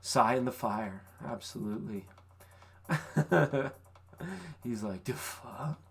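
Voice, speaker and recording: A tarot reader hosting a live stream, talking casually and encouragingly to viewers, with relaxed, folksy phrasing and the odd swear word. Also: mid-range voice, takes it slowly, creaky, breathy edge. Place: vacation rental.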